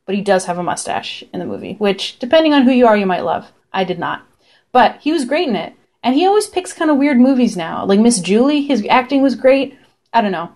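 A young woman vlogging to camera in a loose, chatty way. She is excitable and swears freely, in a voice of middling pitch. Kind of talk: casual chat to camera.

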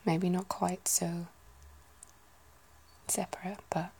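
A British woman in whispered ASMR chat, musing aloud softly and rambling. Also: on the low side, flat delivery, moderate pace, vocal fry, husky. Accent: British English.

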